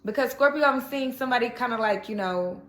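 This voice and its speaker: Bright, chatty woman in an echoey room. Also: on the high side, fast talker, soft background music. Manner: chatty, reassuring, frequent "okay?" check-ins. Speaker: tarot reader. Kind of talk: casual spiritual reading to camera.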